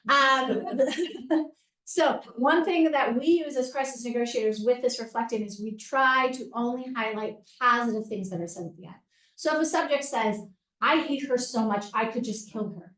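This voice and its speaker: A middle-aged woman with a slightly high voice teaches a room in a plain, direct way. Her voice comes from a little off the mic and rings in a reverberant space. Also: fairly bright tone, recorded from a distance. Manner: practical and direct, addresses audience as "you guys". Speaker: crisis negotiator giving a legal training talk. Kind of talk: instructive presentation talk. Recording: roomy echo, voice from off-mic.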